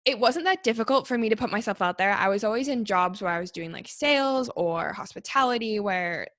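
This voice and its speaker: A woman's voice: mid-range voice, a little fast, a bit bright, no echo, studio quality. A woman in her twenties with a Canadian accent, talking casually as a podcast guest and using "like" often. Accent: Canadian English. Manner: chatty, frequent "like" fillers. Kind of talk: casual conversation.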